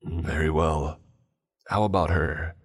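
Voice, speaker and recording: A man voicing a calm, not-human male being who claims to be God, speaking in a cool, almost bored way. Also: extremely low pitch, slow, vocal fry, slightly rough, exaggerated voice.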